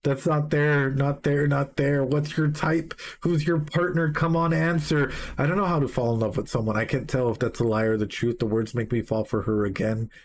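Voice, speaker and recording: A man streaming a live reaction, reading song lyrics aloud and excitedly greeting his chat. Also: medium pitch, normal speed, few pauses, a little hiss or hum. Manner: excitable, swears, greets chat members mid-sentence.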